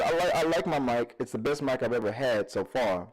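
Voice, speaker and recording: Male vlog host, mid pitch, very lively swings, jokey and stammering. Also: fairly quick, hardly any pauses, low-quality recording. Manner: animated, laughing, jokey, self-deprecating; stammers and repeats words. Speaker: channel host reading viewer comments. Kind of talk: casual comment-reading vlog.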